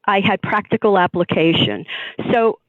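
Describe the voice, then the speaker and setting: A woman's voice: mid-range voice, normal speed, no room sound. A woman telling a personal story as an interview guest, acting out the dialogue as she goes. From New York. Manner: animated, acts out quoted dialogue. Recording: dry tinny phone-like line.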